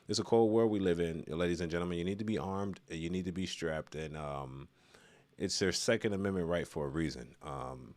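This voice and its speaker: A man's voice: low-pitched, a little mellow, no room sound. A man from Chicago doing loose, rambling live-stream commentary, reading chat and laughing at his own remarks.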